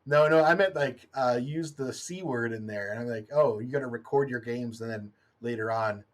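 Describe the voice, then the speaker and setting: A man's voice: mid-range voice, moderate pace. A young man hosting a loose, casual online chat show. He laughs easily and talks hesitantly, stopping and restarting with plenty of ums. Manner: giggly, hesitant, lots of ums. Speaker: host.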